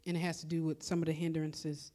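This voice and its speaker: A woman's voice: low-pitched, flat delivery, fast, dark tone. A woman pastor preaching a sermon in a conversational, colloquial style, repeating her exhortations.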